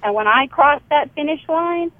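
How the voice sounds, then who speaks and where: Calling in to a radio show over a tinny phone line, a middle-aged woman author tells a family story in a high, animated voice at normal speed, with no echo. She's a vivid storyteller who acts out the quoted dialogue in different voices.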